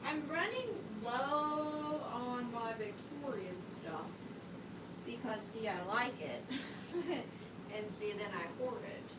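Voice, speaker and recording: A woman's voice: fairly high pitch, takes it slowly, very noisy. A woman with a Southern US accent, hosting a live vintage sale, chatting playfully and counting down bids. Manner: chatty, playful, sing-song and animated, talking to buyers. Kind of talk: live auction stream chat.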